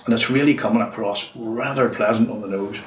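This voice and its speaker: A man talks through a whisky tasting in a relaxed, chatty way. His voice sits fairly low. The recording sounds roomy and distant, with faint music underneath. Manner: chatty, unhurried, says "wee" often. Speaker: whisky reviewer. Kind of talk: casual review monologue.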